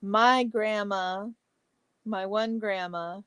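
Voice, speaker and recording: A woman hosting a casual livestream chat, reading viewer comments aloud and answering each by name, chatty and exclamatory with soft asides. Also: medium pitch, fairly even intonation, drawn-out words, clean tone, no echo. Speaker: livestream host.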